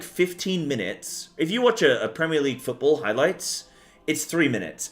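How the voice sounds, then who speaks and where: A tired young man streaming a game, rambling and swearing casually as he chats with viewers. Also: medium pitch.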